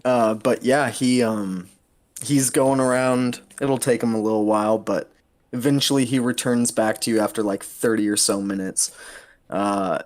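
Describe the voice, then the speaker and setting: A man narrating as game master in a tabletop game, relaxed and giggly with lots of fillers. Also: fairly low pitch, normal speed.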